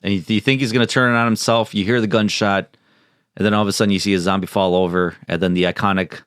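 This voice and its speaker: A man with a very deep voice co-hosts a casual film podcast. He chimes in often with short agreements and then adds his own memories of scenes in an easygoing way. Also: steady tone, fast talker, fairly bright tone, clean tone. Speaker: podcast co-host. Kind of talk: casual movie podcast chat.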